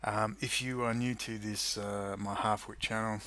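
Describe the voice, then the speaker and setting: Man, fairly low voice, angry rant, sarcastic, swears a lot. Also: level tone, moderate pace, bright, forceful tone. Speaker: political commentary youtuber. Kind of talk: ranting monologue to camera.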